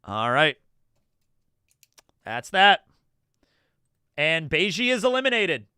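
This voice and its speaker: A man's voice: a little high, very animated, slow pace, pushed and bright, smooth, no room sound, clean studio sound. A man from New Jersey giving chatty, casual livestream commentary, laughing often and swearing freely. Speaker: streamer.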